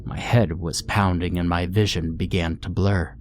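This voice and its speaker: A man narrating a horror story in a steady, ominous storytelling manner. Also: deep voice, normal speed. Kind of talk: scripted narration.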